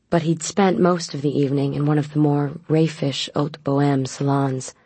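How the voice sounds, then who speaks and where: Brief: audiobook narrator for a gothic tale, measured reading, gravelly texture, close and dry sound. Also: medium pitch, a little mellow, no echo. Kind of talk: scripted narration.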